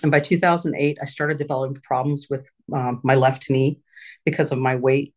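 A middle-aged woman giving a candid personal share at a recovery meeting from her office, halting with fillers and restarts. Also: a bass voice, flat delivery, darkish tone.

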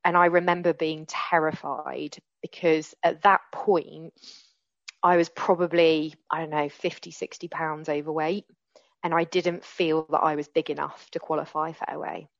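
A woman's voice: sits low, level tone, moderate pace, gravelly, no room sound, highs cut off. A woman in her forties telling her recovery story candidly and earnestly, often restarting her sentences. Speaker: recovery speaker. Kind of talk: personal testimony.

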